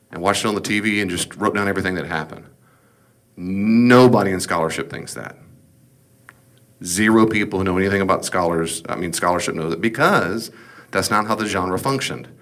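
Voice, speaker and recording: A man with a somewhat low voice teaches a Bible study in a relaxed, conversational way. He leans into his points with emphasis and keeps asking the class rhetorical questions.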